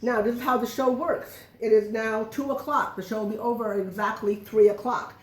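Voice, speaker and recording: A woman's voice: a little high, fairly even intonation, moderate pace, far from the mic. A middle-aged woman giving a chatty, joking cooking demonstration to a small audience in a home kitchen. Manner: joking, self-deprecating, chatty. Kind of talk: live cooking demo patter. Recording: echoey room, voice from afar.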